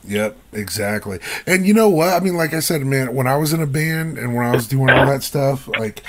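A man's voice: medium pitch, animated, a little fast, very noisy. A man hosting a casual interview, laid-back and saying "man" often. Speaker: podcast host.

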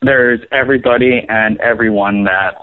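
Touring bassist guest, young man, joking and swearing, phone-line sound. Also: fairly even intonation, moderate pace, slight background noise. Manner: rambling storyteller, profane and joking. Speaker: touring bass player, guest. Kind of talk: casual interview.

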